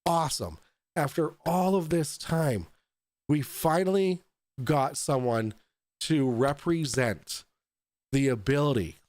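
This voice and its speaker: A man's voice: a little high, a little mellow, no room sound. Profane ranting male talk show host. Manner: profane, exasperated, mocking. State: tipsy from taking shots. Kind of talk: ranting commentary.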